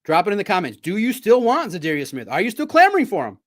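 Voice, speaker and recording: A man hosting a live sports talk stream, talking straight to his viewers in a playful, animated way. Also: sits high, quick pace.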